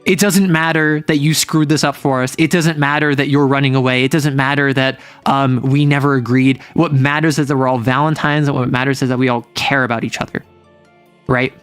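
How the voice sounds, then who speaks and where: A man's voice: medium pitch, steady tone, fairly quick, a bit bright, clear, resonant tone, dry recording, soft background music. A man streaming as a game master, casually and animatedly retelling a tabletop game session in a rambling way.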